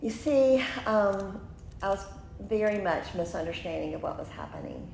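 With a mid-range voice, vocal fry and a moderate pace, a woman in her fifties hosts a podcast and shares a personal story. She's lively, laughs a lot and voices the people involved, and the roomy recording carries faint noise.

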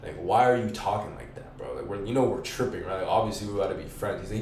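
As a podcast guest, a young man tells a casual story packed with heavy slang and profanity, performing his own quoted lines. His voice is on the low side and a little mellow, and he talks fast. The mic is distant in a roomy space, with faint noise.

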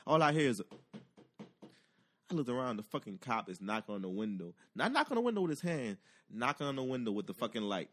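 Man, animated profane storyteller, lively pitch, bright voice. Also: fast talker, husky. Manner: profane, excitable, acts out voices with loud outbursts.

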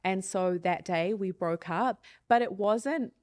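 A woman's voice: mid-range voice, takes it slowly, a little mellow, no room sound, clean studio sound. A woman in her thirties, a podcast guest, telling a personal story in a candid, reflective and earnest way. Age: 30s.

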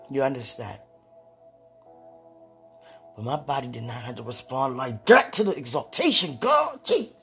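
A woman who ministers to her viewers in a casual spiritual talk, often breaking into exclamations of praise and moving between lively and hushed, prayerful tones. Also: deep voice.

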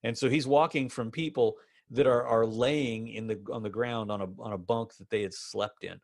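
A middle-aged man preaching a sermon, telling a personal story with animated bursts and slow, emphatic phrases. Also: mid-range voice, creaky. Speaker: pastor.

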